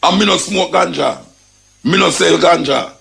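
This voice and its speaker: Gravelly Jamaican man ranting emphatically. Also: high-pitched, moderate pace, fairly bright tone, poor audio. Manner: emphatic, repeats phrases, peppers with "you know". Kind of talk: casual spoken commentary.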